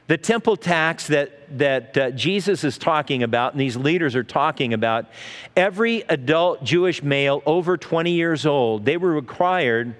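A man's voice: on the high side, long reverb tail. A middle-aged man preaching a sermon as pastor, in a folksy, conversational way with asides and restarts.

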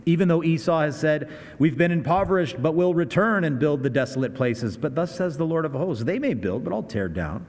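A man's voice: on the high side, lively intonation, a little fast, darkish tone. Man preaching in a reverberant hall. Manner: earnest, conversational preaching with frequent restarts. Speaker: pastor. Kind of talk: sermon.

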